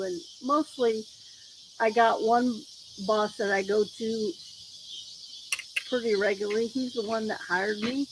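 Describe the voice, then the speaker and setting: A woman's voice: a little high, steady tone, measured pace, background noise. A woman chatting casually on a livestream from outdoors, telling rambling stories and acting out what other people said, recorded on a phone. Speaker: livestream host. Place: outdoors near a road at night with insects. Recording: crickets and insects loud behind.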